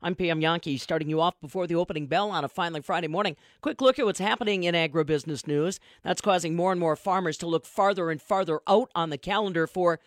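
Farm news lady, brisk scripted read, dry sound. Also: on the low side, no room sound. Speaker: agribusiness news reporter. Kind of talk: news report.

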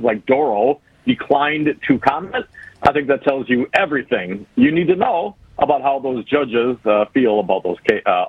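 A man's voice: medium pitch, gravelly, husky, no echo, phone-quality sound. A man hosting a political talk radio show, talking casually and often restarting his sentences. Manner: halting, repeats words while thinking.

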